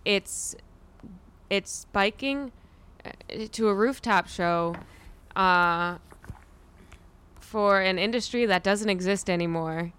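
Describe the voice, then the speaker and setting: A woman's voice: medium pitch, slow, pauses often, fairly bright tone, clear, resonant tone. A young woman, a comedian, chatting casually and rambling, laughing and swearing as she tells stories. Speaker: comedian and podcast host. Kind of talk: casual chat.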